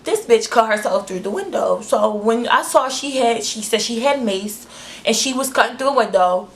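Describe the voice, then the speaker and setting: A young woman telling a storytime vlog, animated and profane, acting out quotes in high shrieks. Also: normal speed. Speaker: vlogger.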